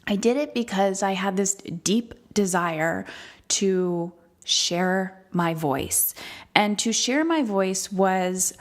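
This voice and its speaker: A woman hosting a solo podcast as a coach, speaking candidly and emphatically and swearing freely. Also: on the low side.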